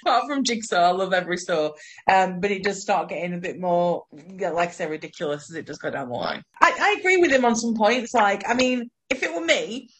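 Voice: mid-range voice, animated, fairly quick, a bit bright. Brief: chatty co-host, loose and sweary, talking films. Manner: chatty, swears, stammers on restarts. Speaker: podcast co-host. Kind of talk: casual film-review chat.

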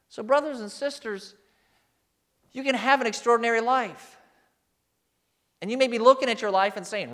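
A man with a notably high voice preaches a sermon. He speaks emphatically and turns to his listeners with rhetorical questions. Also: normal speed, pauses often, a bit bright. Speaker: pastor.

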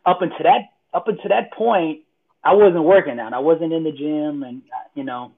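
A man's voice: fairly high pitch, moderate pace. A man, a motivational speaker, telling a story from his life in casual conversation, repeating words and acting out what people said. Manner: animated storyteller, repeats words, acts out quotes loudly. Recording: tinny phone-like line.

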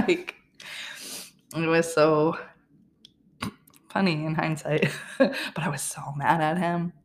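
A young woman hosting a podcast, chatting casually through a personal story, laughing often and restarting her sentences. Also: low-pitched. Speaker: podcast host.

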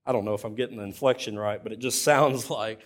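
A man's voice: fairly low pitch, steady tone, fast. A man preaching a sermon as pastor, plainspoken and conversational, often restarting his sentences.

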